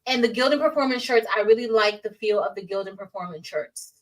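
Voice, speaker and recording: A woman's voice: mid-range voice, fast, far from the mic, low-quality recording. A woman teacher hosting a casual livestream, chatting with viewers, reading the chat aloud and calling them y'all.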